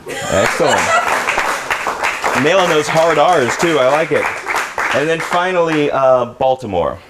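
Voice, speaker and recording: A man's voice: on the high side, lively intonation, a little slow, over a noisy crowd. A man hosting a live comedy game show, upbeat and joking. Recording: loud live audience and noise. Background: loud audience laughter and noise.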